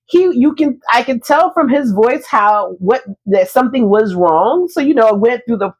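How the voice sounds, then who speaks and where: This podcast co-host, a wife and mother, has a husky, fairly high voice and speaks at a normal pace. Chatting casually with a friend, she gets animated as she plays both herself and her husband in a retold exchange.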